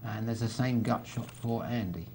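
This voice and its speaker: A man's voice: mid-range voice, normal speed, dark tone, a little hiss or hum. A man gives live poker commentary, walking through each hand with a chatty manner and dry teasing asides to his co-host.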